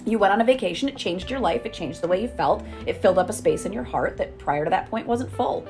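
A woman talks on and on in easygoing chat, joking and rambling as a guest. Her voice sits at an ordinary middle pitch. Soft music plays faintly underneath. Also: expressive, fast. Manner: talkative, rambling, jokey. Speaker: guest friend. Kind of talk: casual chat.

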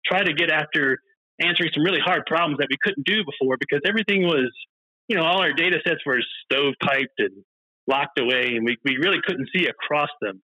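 An eager male guest speaking with a very bright, taut edge in a slightly raised voice. He explains things upbeat and plainly. The audio comes through dull and a bit muffled, but dry. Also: on the high side, a little fast, no echo. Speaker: company founder, interview guest. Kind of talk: casual interview answers.

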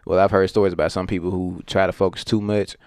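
A man talks in a relaxed, easygoing way. He swears freely and fills his speech with "like". The recording is dry and close. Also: sits low, fast, dry recording. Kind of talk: casual chat.

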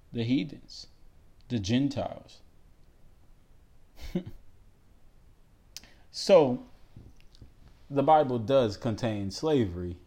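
A man hosting a podcast alone, talking casually and emphatically about scripture, reading verses slowly aloud and asking listeners rhetorical questions. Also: lowish voice, dark tone. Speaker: podcast host.

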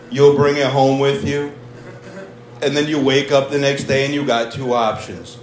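Slow, higher-voiced man joking crudely in an echoey crowd. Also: fairly even intonation. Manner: crude, laughing through his own jokes. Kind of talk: comedic riff. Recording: roomy audio with a crowd behind.

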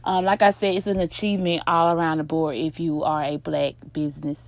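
A woman's voice: low-pitched, flat delivery, fairly quick, no room sound. A young adult woman telling a candid, rambling personal story to her viewers on a phone, full of "you know what I'm saying". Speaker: vlogger.

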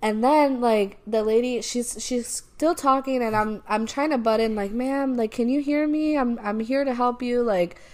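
A woman's voice: a little high, normal speed, few pauses. A young woman co-hosting a podcast, animatedly retelling a story about a work call in casual chat. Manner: animated, retells calls with quoted voices, laughs often. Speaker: podcast co-host.

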